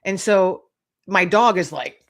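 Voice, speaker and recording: A middle-aged woman, a guest author, telling lively anecdotes in casual chat, acting out little voices and laughing often. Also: medium pitch, slow. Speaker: guest, author and podcast host.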